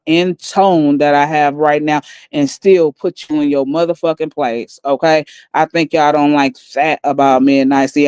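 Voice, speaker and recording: A woman livestreaming on her phone, taunting and mocking others in a calm, profane, smooth way. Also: sits low, dry recording. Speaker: livestream host. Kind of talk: casual livestream rant.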